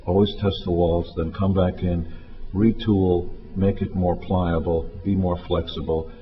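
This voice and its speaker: A man's voice: low-pitched, little pitch movement, measured pace. A man giving blunt motivational advice in short, clipped commands. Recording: muffled clip with music behind.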